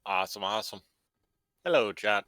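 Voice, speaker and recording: A man's voice: on the low side, lively intonation, brisk, bright, forceful tone, no room sound, studio quality. An American man helping out on a live stream, teasing his friend in playful banter.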